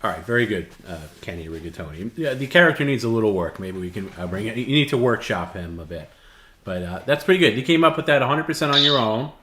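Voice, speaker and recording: A man's voice: fairly low pitch, expressive, fast, bright, forceful tone. A man co-hosting a livestream, correcting and coaching a performer in a wry, casual way.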